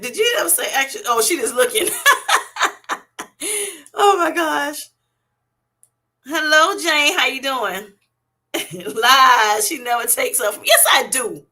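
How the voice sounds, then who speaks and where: A middle-aged woman hosts a casual livestream from home, chatting with viewers and laughing often. Her voice sits a bit high and sounds bright and forceful. She keeps up a lively banter as she reads out comments. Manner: animated, laughing often, reading chat comments aloud. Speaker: livestream host. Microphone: webcam or streaming setup.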